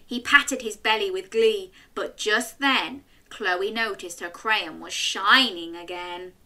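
A woman reading a picture book aloud to children, animated and asking her listeners questions. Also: medium pitch, slow. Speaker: children's story reader.

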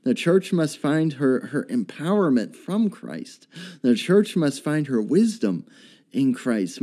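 Guy preaching a sermon, kinda high voice but mellow, lots of ums and restarts. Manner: earnest, repetitive preaching, many fillers and restarts.

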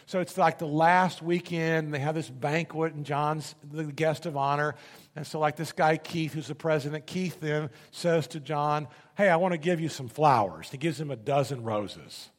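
A man preaching a sermon, telling a story with animated, emphatic repetition. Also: on the high side, normal speed, long reverb tail. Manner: animated, emphatic, repeats words.

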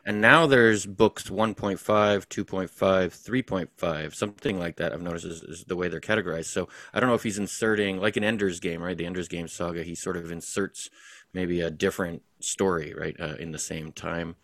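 A man's voice: deep voice, moderate pace, dry recording, studio quality. A man in a casual book chat, talking with enthusiasm. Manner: enthusiastic, animated. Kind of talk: casual book discussion and reading aloud.

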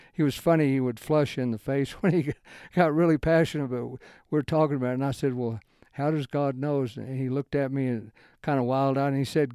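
A man teaches scripture in a loose, rambling way, breaking off sentences and restarting them, then pushing his pitch up for emphasis. His voice is warm and smooth. The sound is close and dry. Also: no echo. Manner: swings into emphatic raised-pitch lines. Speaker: Bible teacher. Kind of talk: informal Bible study talk.

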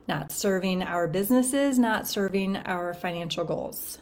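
A woman's voice: lowish voice, a little slow, few pauses. A woman hosting a podcast as a financial coach, talking in a chatty, upbeat way, a little out of breath. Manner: upbeat, chatty, uses "right?" often. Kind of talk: solo podcast talk.

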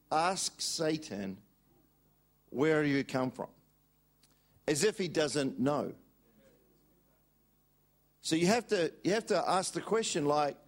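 A man preaching a sermon, urging the congregation to repeat words after him. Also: fairly high pitch.

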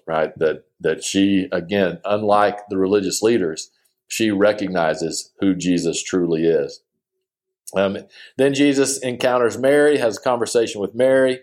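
A man with a somewhat low voice walks through a scripture passage like an informal study leader. He talks loosely and earnestly, pausing on "uh" and restarting his sentences as he thinks aloud. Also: steady tone, darkish tone. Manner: loose and conversational, with many "uh"s and restarts; earnest and enthusiastic about the text. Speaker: Bible teacher. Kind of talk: casual Bible study commentary.

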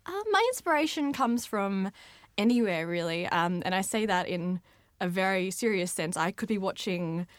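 A young woman talks through her answers in a bubbly, chatty way, laughing often and trailing into lively asides. Her voice sits at an everyday middle pitch. The mic is close and dry, with no room sound. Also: normal speed, no room sound. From Australia. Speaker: author being interviewed. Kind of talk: casual interview answers. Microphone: studio microphone.

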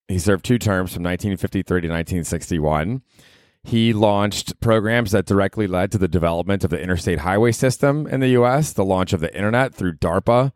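A man's voice: deep voice, no room sound, clean studio sound. A young man hosting his own podcast as a comedian, telling rambling, profane stories in a loose, casual way. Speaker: podcast host. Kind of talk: casual solo podcast chat. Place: small apartment.

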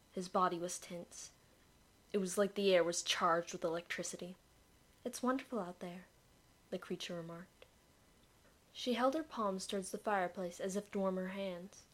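A woman narrating a dark fantasy story in a measured, expressive reading. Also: medium pitch.

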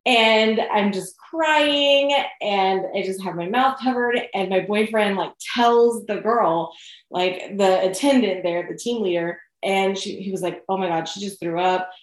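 A chatty woman in a casual storytelling style, her pitch sitting mid-range. She fills her speech with "like" and "you know". The recording has an echoey room sound. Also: measured pace.

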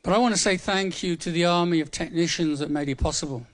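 Man, 75, preacher, high voice, conversational sermon, humorous asides. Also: quick pace. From England. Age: 70s. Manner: humorous, conversational, repeats words for emphasis. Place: church.

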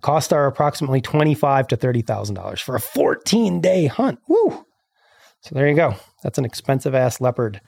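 A man's voice: medium pitch, expressive, fast, vocal fry, hardly any pauses, darkish tone, husky, dry recording. A man hosting a casual podcast, reading news stories and ranting about them with sarcasm. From Illinois. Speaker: podcast host.

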